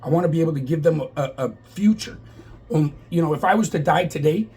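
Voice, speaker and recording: Middle-aged man, very husky, slightly higher-pitched, fired-up political vlog rant. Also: fast, warm tone, rough recording. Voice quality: impassioned, exasperated. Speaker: vlogger.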